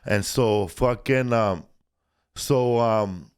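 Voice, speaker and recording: A man's voice: lowish voice, very slow, clean tone. A man co-hosting a casual podcast, rambling and swearing with lots of restarts and fillers. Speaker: podcast co-host.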